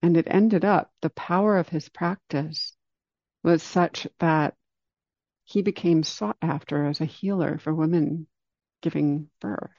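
A man giving a dharma talk, telling a story in a calm, unhurried way and slowing down for emphasis. It is a dull lo-fi recording. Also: on the high side, vocal fry, dry recording. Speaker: meditation teacher.

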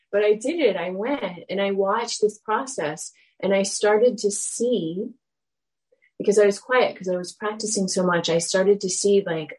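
A woman giving a dharma talk, telling a personal story in a reflective, animated way. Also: medium pitch, a little slow, rough recording.

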